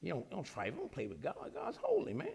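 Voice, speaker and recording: Gravelly high-voiced preacher man. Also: fast. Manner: animated preaching, swings from low asides to shouting. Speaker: pastor. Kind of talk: sermon.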